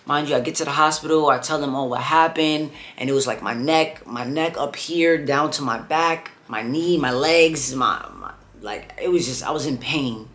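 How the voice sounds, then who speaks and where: Young guy doing a storytime vlog, kinda high voice, says like and bro constantly. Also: normal speed, hardly any pauses, fairly bright tone. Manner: rambling, heavy on filler "like" and "bro". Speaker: vlogger.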